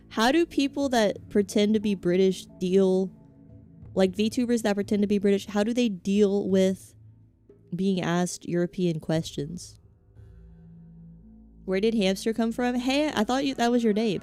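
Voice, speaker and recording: A woman's voice: medium pitch, measured pace, mellow, clear, resonant tone, faint music behind. A woman streamer with a Southern American accent chatting casually over a game in a meandering, self-mocking way. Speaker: VTuber streamer. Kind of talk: casual gaming-stream chat.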